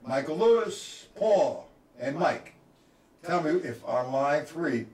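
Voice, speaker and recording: A man's voice: fairly high pitch, lively intonation, slow, a little mellow. A man teaching a live-streamed drum lesson, counting beats aloud and quizzing his viewers by name. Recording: roomy, from a distance.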